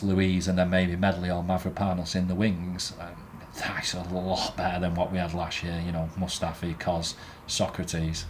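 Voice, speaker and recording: A man with a very low voice talks through player ratings in a casual, opinionated way. He is blunt and swears freely. A faint background hiss sits under the recording. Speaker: football fan podcast host.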